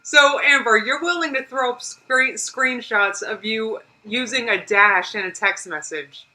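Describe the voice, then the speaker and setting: A woman's voice: on the high side, unhurried, bright, forceful tone, poor audio. Exasperated woman reacting to a clip. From United States. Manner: exasperated, talks back to the clip, demands evidence; laughs often, reads viewer comments aloud. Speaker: reaction streamer. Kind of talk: live reaction commentary.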